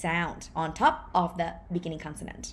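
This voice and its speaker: Thai accent lady teacher, explains slow and lively, repeats example words, faint noise in the background. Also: on the low side. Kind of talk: online language lesson.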